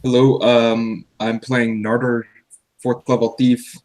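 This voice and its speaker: A man's voice: medium pitch, little pitch movement, slow pace, darkish tone. A man playing a tabletop game, speaking hesitantly with many fillers. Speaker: player.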